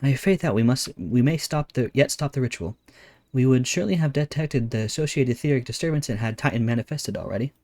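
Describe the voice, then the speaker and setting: A man's voice: medium pitch, a little mellow, lightly acted. A man reading a formal, earnest young scholar. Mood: urgent. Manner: formal, measured speech with stumbles.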